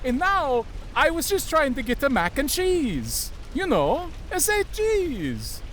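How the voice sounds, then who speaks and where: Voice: high-pitched, huge pitch swings, slow, fairly bright tone, slight background noise, heavily acted. A performer voicing a panicked old-timey man whose house is burning, talking in a goofy, frantic way.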